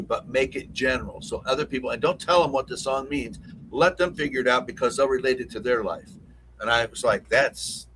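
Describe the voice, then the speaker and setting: A man who writes and sings country songs, speaking as a guest in an easygoing, halting way. His voice is bright and forward. Faint background hiss sits under the line. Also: medium pitch, poor audio. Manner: easygoing, halting, restarts often. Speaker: country singer-songwriter guest. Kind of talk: casual interview.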